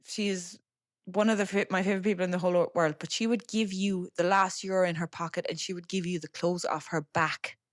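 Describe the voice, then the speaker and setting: A woman's voice: fairly low pitch, fairly even intonation, a little fast, no room sound, studio quality. A young adult woman with an Irish accent, hosting a podcast and telling a personal family story in a chatty, frank way, with lots of fillers and the odd swear word. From Ireland. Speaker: podcast host.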